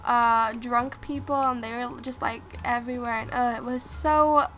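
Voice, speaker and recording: A woman's voice: fairly high pitch, fairly even intonation, normal speed, a bit bright, faint music behind. A woman vlogger telling a story in a chatty, rambling way with lots of restarts while playing a game. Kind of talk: casual storytime while gaming.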